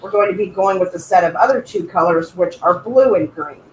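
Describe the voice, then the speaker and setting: A woman's voice: on the low side, brisk. A woman co-hosts a casual craft livestream, greeting viewers in a playful, sing-song way. Her voice carries a roomy echo, with faint noise underneath. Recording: echoey room with faint noise.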